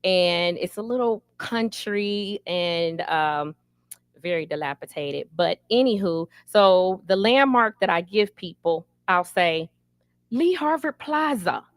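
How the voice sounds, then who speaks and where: A woman's voice: fairly low pitch, takes it slowly, clear, resonant tone, no room sound. A middle-aged woman running for city council, answering an interview in a candid, emphatic storytelling manner.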